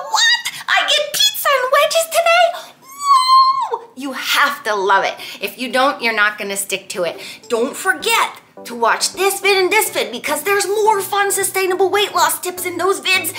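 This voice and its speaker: A woman's voice: fairly high pitch, sharp tone. A woman hosting a cooking vlog, chatting in a bubbly, enthusiastic way and cheering her viewers on. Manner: bubbly, enthusiastic, upbeat encouragement. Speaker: weight loss cooking vlogger. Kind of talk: casual cooking vlog chat.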